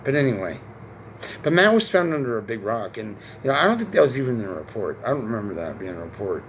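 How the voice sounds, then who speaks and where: A man's voice: medium pitch, very animated, fast, creaky, slight background noise. A man in his forties from Connecticut, talking alone to camera in a long rambling monologue, swearing, repeating himself and asking rhetorical questions. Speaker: vlogger.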